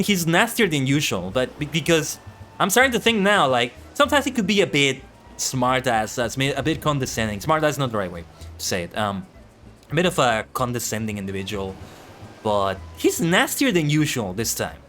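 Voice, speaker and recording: Game streamer, chatty man, lively up-and-down voice, faint music behind. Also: medium pitch. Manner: chatty, musing aloud. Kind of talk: casual commentary while gaming.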